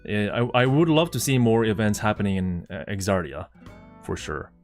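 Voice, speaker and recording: A man chatting on a live stream, excitable and flustered, talking to his chat with many restarts. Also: on the low side, moderate pace, faint music behind.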